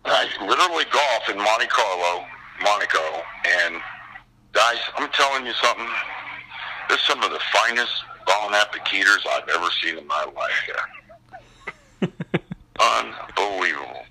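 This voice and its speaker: Gravelly animated storytelling man. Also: on the low side, measured pace, slight background noise, rough recording. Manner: animated, acts out voices in stories. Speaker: guest.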